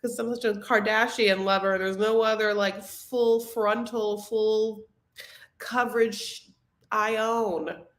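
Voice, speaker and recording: A woman's voice: medium pitch, flat delivery, slow pace, reverberant. Chatty woman gossiping, lots of fillers. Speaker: show recap host. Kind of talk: casual live recap chat.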